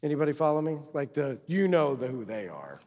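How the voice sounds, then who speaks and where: A man's voice: on the high side, big pitch swings, a little fast, a little mellow. Conversational male pastor in a reverberant hall. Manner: conversational preaching, constant "right?" check-ins. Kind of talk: sermon. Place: church sanctuary.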